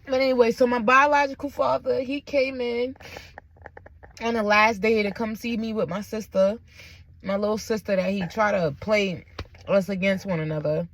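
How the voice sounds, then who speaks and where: A woman's voice: mid-range voice, fairly even intonation, normal speed, slight background noise. A woman telling a personal story on her vlog, emphatic and blunt, with frequent asides to her viewers. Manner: blunt and profane. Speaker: vlogger.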